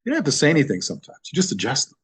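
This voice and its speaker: Husky, emphatic male podcast guest. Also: mid-range voice, very fast. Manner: animated and emphatic, casually swearing. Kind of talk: casual conversational interview.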